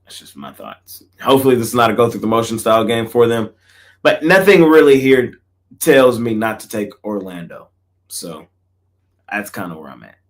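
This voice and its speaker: Laid-back low-voiced male picks host. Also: expressive, moderate pace. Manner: laid-back, slangy, trails off quietly. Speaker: sports betting picks host. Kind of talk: casual picks chat.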